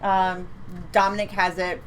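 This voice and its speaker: Co-hosting a live psychic reading stream from her home, a woman talks in a mid-range, fairly bright voice with little pitch movement and a measured pace, over slight background noise. The casual chat stays upbeat and talkative, with words repeated for emphasis.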